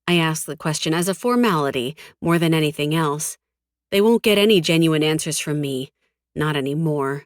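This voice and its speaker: A woman narrating a first-person audiobook in a cold, flat, defiant tone, with frequent swearing. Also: deep voice, normal speed, dry recording, clean studio sound.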